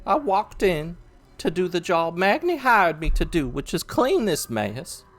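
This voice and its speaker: A woman's voice: on the low side, big pitch swings, measured pace. A woman putting on a flustered, genteel Southern lady with a Southern US accent, fussing and indignant. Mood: huffy. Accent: Southern US, put on.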